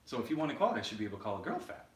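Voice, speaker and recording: Rapid-fire and sing-song, a man with a mid-range voice co-hosts a podcast in casual chat. He's blunt, opinionated, and swears freely, while the audio has a roomy echo, distant mic placement, and faint noise.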